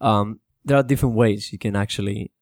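Relaxed man teaching English pronunciation. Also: lowish voice, no room sound, clean studio sound. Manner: relaxed, repeats words slowly to model pronunciation, mixes in Spanish. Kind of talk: casual spoken lesson for Spanish speakers.

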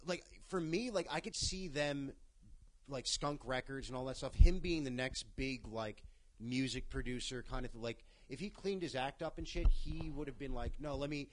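A man hosts a laid-back podcast at an ordinary middle pitch. He rambles loosely, stacking fillers and dropping the odd swear word as he chats with a friend. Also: normal speed, a little hiss or hum. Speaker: podcast host. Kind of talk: casual chat.

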